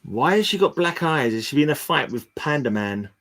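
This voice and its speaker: A man's voice: medium pitch, big pitch swings, fairly quick, fairly bright tone. Chatty man riffing on comics. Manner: chatty, jokey, restarts mid-sentence. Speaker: comic collector co-host. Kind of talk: casual chat.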